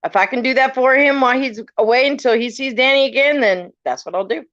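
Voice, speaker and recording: A middle-aged woman, chatting casually on a live stream and telling animated stories, often acting out the lines of the people in them. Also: high voice, fast talker. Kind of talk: casual storytelling chat. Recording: muffled lo-fi live stream audio.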